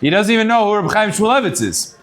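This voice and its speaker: A rabbi giving a sermon to students. His voice sits fairly high, and he tells stories in an animated way, mixing in Hebrew terms. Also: fast talker.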